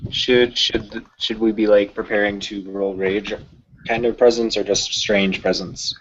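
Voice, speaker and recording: A man narrating his character's actions in a tabletop game, hesitant and full of pauses. His voice is fairly low, and the recording sounds muffled and lo-fi. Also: little pitch movement, a little hiss or hum. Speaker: player. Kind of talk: tabletop role-play narration. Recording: dull lo-fi recording.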